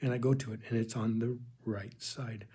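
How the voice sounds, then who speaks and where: With a dark, mellow, husky voice that is a little breathy, this religious video host recounts a spiritual testimony at medium pitch and fairly even intonation. His earnest delivery halts and restarts frequently as he talks straight to his audience, calling them "people."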